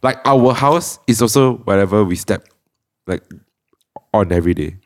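A man's voice: lowish voice, expressive, normal speed. Malaysian man posing questions. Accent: Malaysian English. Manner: probing, sets up hypotheticals. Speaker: podcast co-host posing questions. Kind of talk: casual podcast chat.

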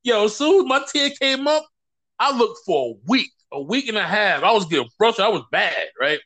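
Fairly quick and high-voiced, this podcast guest chats casually. He brings his stories to life by acting out the words of the people in them.

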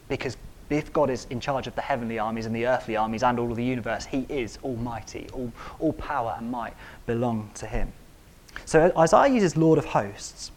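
Man preaching, emphatic and repetitive, builds to loud stressed peaks. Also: mid-range voice. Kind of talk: sermon.

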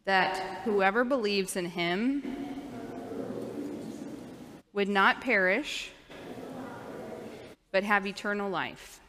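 A woman's voice: mid-range voice, very slow, long pauses, noisy background. A woman leading a children's sermon in a church, patiently coaching the children to repeat after her. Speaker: children's minister. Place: church sanctuary. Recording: long reverb of a church hall.

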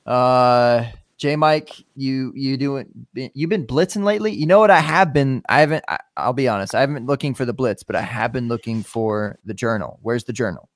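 A man's voice: medium pitch, moderate pace, no echo. A man hosting a sports podcast in casual chat, rambling and joking with many restarts. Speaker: podcast host.

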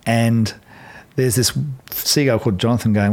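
A man's voice: on the low side, normal speed, darkish tone, breathy edge. An Australian man in his fifties, a podcast guest, talking in a reflective, storytelling way with frequent ums. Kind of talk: casual conversation.

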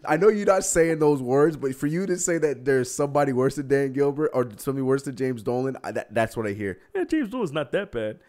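A man's voice: medium pitch, fast talker, hardly any pauses, darkish tone. A young man hosting a casual basketball livestream, ranting heatedly and laughing at himself. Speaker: livestream host. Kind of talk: casual sports talk livestream.

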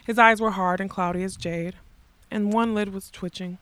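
A woman reads a fantasy storybook aloud in a measured, expressive way. Her voice sits at a middle pitch, and the recording is dry and close. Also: no room sound. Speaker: audiobook narrator. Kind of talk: scripted storybook narration.

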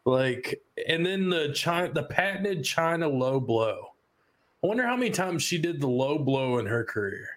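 A man's voice: a little high, very animated, normal speed. A man co-hosting a podcast, chatting casually about a wrestling show, laid-back and cursing freely. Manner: laid-back, swears, laughs often. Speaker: podcast co-host. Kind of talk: casual wrestling review chat.

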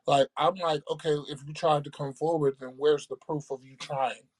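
A man co-hosting a casual podcast, talking in a measured, reflective way and often checking in with "right?". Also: fairly high pitch, steady tone. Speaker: podcast co-host. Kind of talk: casual chat.

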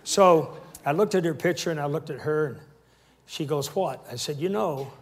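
A man's voice: a little high, normal speed. A man in his sixties preaching a sermon with call-and-response and humorous asides. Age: 60s. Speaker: pastor.

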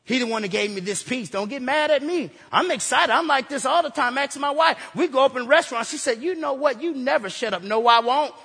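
Male pastor, high bright husky voice, fired-up repetitive preaching in a reverberant church hall. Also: a little fast, hardly any pauses. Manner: excitable, repetitive call-and-response preaching. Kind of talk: energetic sermon. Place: church sanctuary.

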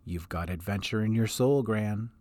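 A man voicing an older grandmother and former adventurer, speaking low and fondly. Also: moderate pace, dark tone, dry recording, natural voice. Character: old woman, a grandmother and retired adventurer, warm and wistful.

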